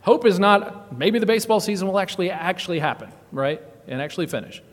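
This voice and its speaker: A man preaching a sermon in a church, swinging between loud emphatic exclamations and low hushed passages. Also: animated, fast talker, hardly any pauses, long reverb tail. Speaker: guest preacher. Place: church sanctuary.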